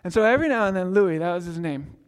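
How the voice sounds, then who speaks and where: A man's voice: high voice, expressive, fast talker, clear, resonant tone, big-room sound. A man in his forties preaching a sermon in a conversational, storytelling manner, often restarting his sentences. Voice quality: conversational, self-interrupting storyteller. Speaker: pastor.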